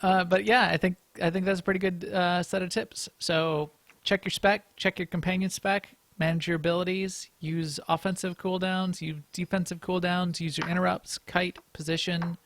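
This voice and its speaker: A man with a somewhat high, gravelly voice co-hosts a casual gaming podcast. He rambles, restarts his sentences and thinks aloud. The recording is dry and close. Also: flat delivery, moderate pace, hardly any pauses, a bit bright, dry recording. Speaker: podcast co-host.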